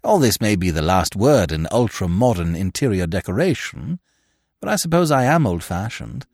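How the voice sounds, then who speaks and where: A man doing a suave, unflappable young gentleman. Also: on the low side, sing-song, normal speed, no room sound, studio quality. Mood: languid. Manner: languid, elaborately polite speech.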